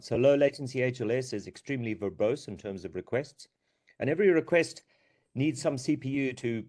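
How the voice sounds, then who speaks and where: Low-voiced man explaining on a call. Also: a little mellow. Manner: explanatory, measured, repeats words when starting. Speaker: meeting participant. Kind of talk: technical discussion. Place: video call.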